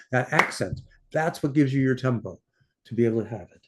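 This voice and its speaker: An older conductor teaching an online masterclass, talking through a score and singing the passages in scat syllables. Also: male voice, mid-range voice, lively intonation, brisk, a little hiss or hum. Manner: sings passages in scat syllables between instructions. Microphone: computer mic on a video call.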